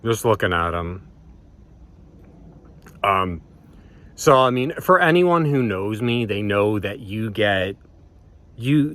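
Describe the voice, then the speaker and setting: In a mid-range, somewhat bright voice, a male vlogger recounts something that happened to him. His telling is loose and profane, full of ums and sentences he starts over.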